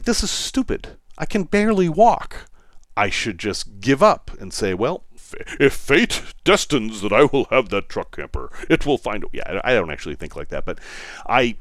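A man's voice: on the low side, fairly bright tone, no room sound, studio quality. A man with a Boston accent hosting a podcast, telling a story in a wry, self-deprecating way while in some pain. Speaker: podcast host. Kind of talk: casual storytelling monologue.

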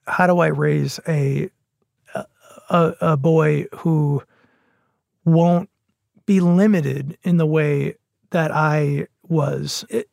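A middle-aged man talking in a casual podcast conversation, earnest and halting, with frequent restarts. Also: on the high side, vocal fry, darkish tone, dry recording, studio quality. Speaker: podcast guest.

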